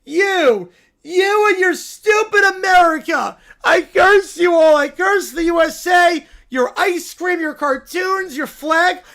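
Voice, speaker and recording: A man's voice: extremely high pitch, takes it slowly, bright, forceful tone, raised voice, voice pushed up, exaggerated voice. A man voicing a whiny four-year-old boy who is a sore loser, shrieking and wailing through a tantrum.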